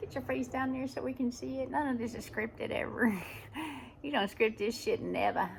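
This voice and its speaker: A woman's voice: a little high, fairly even intonation, moderate pace, gravelly, slight background noise, rough recording. Woman hosting a rambling unscripted talk. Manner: rambling, jumps between ideas. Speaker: host. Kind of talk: unscripted monologue.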